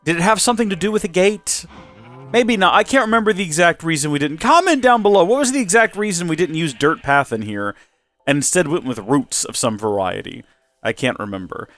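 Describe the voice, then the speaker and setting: A man's voice: on the high side, animated, brisk, a bit bright, no room sound, faint music behind. A man hosting a Minecraft let's play, talking in a playful mock presenter tone and rambling through self-corrections. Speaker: Minecraft channel host.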